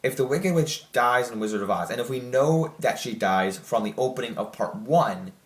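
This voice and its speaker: A man's voice: medium pitch, expressive, normal speed. A young man giving a casual spoken movie review, rambling with many fillers and restarts. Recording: echoey room.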